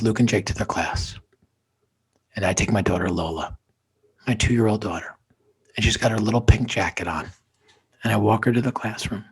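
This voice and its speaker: A male guest tells a personal story with emotion, sinking to hushed near-whispers and then surging into intense emphasis. His voice is lowish and husky.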